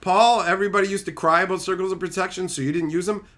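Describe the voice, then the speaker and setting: A man hosting a live stream, chatting excitedly and profanely with his viewers and acting out friends in loud voices. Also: high voice, fast talker. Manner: profane, excitable, rants about cards.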